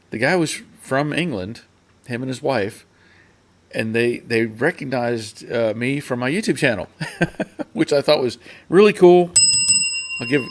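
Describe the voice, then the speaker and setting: A man hosting a casual live stream, rambling along with fillers and restarts and reading out viewers' chat comments. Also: mid-range voice.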